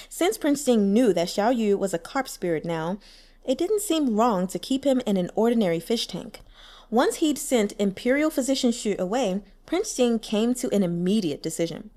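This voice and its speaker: A woman reading a novel aloud as an audiobook narrator, telling the story expressively. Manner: expressive storytelling with lively pitch. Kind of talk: scripted narration.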